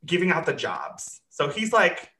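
A man talks through a show recap in casual chat, his pitch leaping up and down as he acts out characters and swears freely. His voice is bright and forward. The room around him rings with noticeable echo. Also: huge pitch swings, a little slow. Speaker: podcast host recapping a show.

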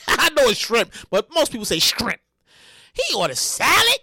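A show host delivers a loose comedic monologue in a high, bright voice whose pitch swoops wildly, speaking unhurriedly. He swears freely, stammers and restarts sentences often, and breaks into loud sing-song exclamations, all in a close, dry recording.

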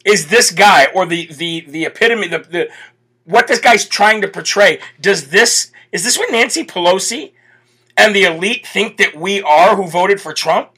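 A male political talk host with a high, keen voice. He speaks brashly and mockingly, piling up rhetorical questions. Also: lively intonation, normal speed, bright, forceful tone, husky. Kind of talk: opinionated live commentary.

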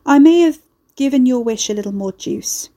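A man's voice: very high-pitched, animated, moderate pace, mellow, voice pushed up. A woman voicing a sly, mocking man who is the heroine's neighbour, slangy and cheeky. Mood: teasing.

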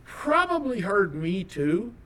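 Lively man telling a story. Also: high voice, slow pace. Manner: animated, acts out quoted dialogue. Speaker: interview guest. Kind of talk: storytelling in an interview.

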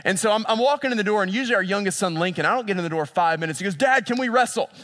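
This pastor's voice sits high and comes rapid-fire. His sermon swings from lively storytelling to hushed intensity, with phrases repeated for emphasis.

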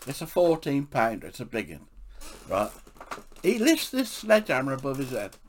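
A man's voice: medium pitch, wildly swooping pitch, moderate pace, slight background noise. A man from England, telling funny anecdotes from his life for a podcast and often laughing at his own stories. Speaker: podcast storyteller. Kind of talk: anecdotal storytelling.

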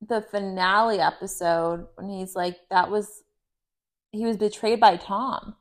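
A woman's voice: medium pitch, steady tone, unhurried. An American woman co-hosting a podcast, chatting casually, swearing now and then and laughing often. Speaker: podcast co-host. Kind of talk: casual chat.

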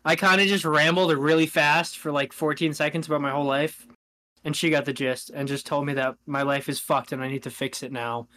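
A man's voice: a little high, steady tone, brisk, sharp tone. A man co-hosting a podcast, telling a rambling anecdote in casual chat, laughing often and acting out what people said. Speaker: podcast co-host.

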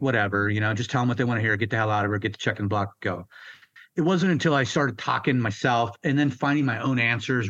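A man in his fifties, a military veteran being interviewed, telling his story in a raw, halting way and swearing freely. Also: medium pitch, fairly bright tone, muffled recording. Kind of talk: candid personal storytelling.

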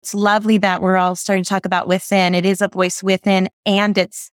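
A woman's voice: mid-range voice, flat delivery, brisk, smooth, no room sound, studio quality. Woman teaching, rambling and self-correcting. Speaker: guest, intuition teacher. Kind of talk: conversational interview, explaining ideas.

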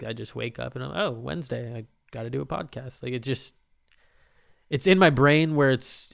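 A gravelly yet clear and resonant mid-range voice belongs to a young man hosting his own podcast. Talking into a microphone in a casual solo monologue, he rambles, swears freely, stays laid-back and laughs often.

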